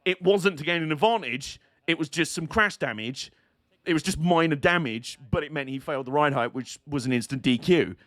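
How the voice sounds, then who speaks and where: A young man talks excitedly over a live race broadcast, swearing and laughing as he goes. His voice sits a little high and swings widely in pitch. The sound is dry and close, with no room behind it. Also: no room sound. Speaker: livestream host watching motor racing. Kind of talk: casual watch-along commentary.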